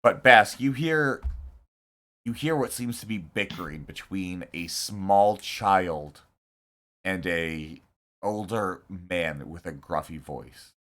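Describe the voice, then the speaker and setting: A man's voice: low voice, lively intonation, slow, fairly bright tone. A man narrating as game master of a tabletop game, loose and joking. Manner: laughs often, loose and joking.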